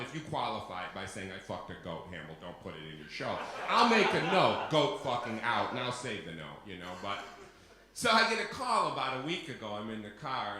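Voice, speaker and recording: A man's voice: mid-range voice, very echoey. A man telling a comic story on stage, swearing freely, acting out the people he quotes and laughing at his own punchlines. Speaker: solo stage performer.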